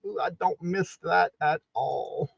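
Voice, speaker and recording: A high-voiced, chatty man hosts a relaxed morning live stream, greeting each viewer by name in an easygoing drawl. The sound is dry and a little dull, like a home setup with a modest mic. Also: takes it slowly, creaky, slightly rough, no room sound. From New Orleans, Louisiana. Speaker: livestream host. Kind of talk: casual live-stream chat.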